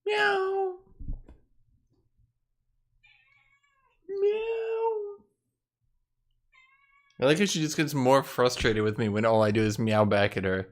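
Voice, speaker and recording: A man's voice: lowish voice, brisk, hardly any pauses. A man streaming a game, chatting playfully and teasing his cat in baby talk. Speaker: gaming streamer. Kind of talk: casual chat to his cat while streaming.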